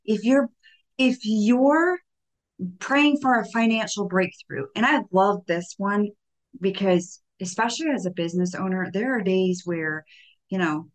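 Young woman doing a chatty faith talk, lots of "like", acts out little conversations, mid pitch. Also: a little slow. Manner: conversational, many "like" fillers, acts out little dialogues. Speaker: podcast host. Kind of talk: faith-based motivational talk.

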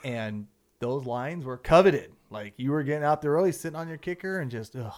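A young man, a fishing guide, telling a story on a podcast in a voice pitched a little high. He is animated, swears freely and acts out what people said. His talk is loose and casual. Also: fairly quick. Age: young adult.

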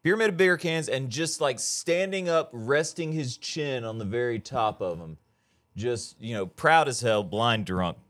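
A man's voice: mid-range voice, measured pace, a bit bright, no room sound. A man hosting a podcast, laid-back and joking as he steers the conversation. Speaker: podcast host. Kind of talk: casual chat.

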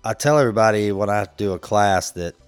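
A man's voice: lowish voice, fairly quick, clean tone, dry recording, faint music behind. A man co-hosting a podcast, telling a work-trip story in a laid-back, joking way, laughing often. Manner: laid-back, laughs a lot, acts out quotes. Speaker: podcast co-host. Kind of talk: casual storytelling chat.

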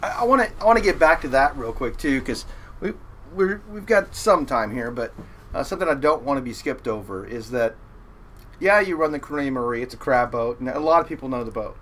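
A man's voice: mid-range voice, lively intonation, brisk, fairly bright tone, slight background noise. Man prompting his guest eagerly. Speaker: host. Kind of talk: casual interview.

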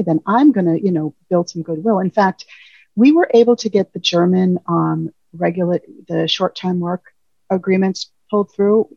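A woman's voice: on the low side, warm tone, husky, no room sound. A woman guest talking casually in an interview, filling her thoughts with "you know" asides, over a remote call. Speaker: guest payroll leader. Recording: dull lo-fi remote audio.

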